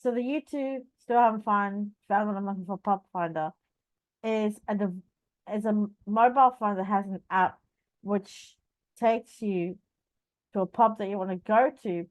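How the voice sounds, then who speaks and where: A woman's voice: medium pitch, normal speed, dry recording, dull audio. Giggly woman playing trivia. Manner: playful, silly, giggly storytelling. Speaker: trivia game player, channel host. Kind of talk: casual party game chat.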